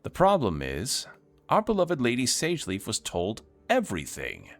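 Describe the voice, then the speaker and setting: A man's voice: mid-range voice, wildly swooping pitch, moderate pace, pitched above the performer's own voice. A man voicing a smug, scheming male city lord who speaks in a clipped, haughty, condescending way.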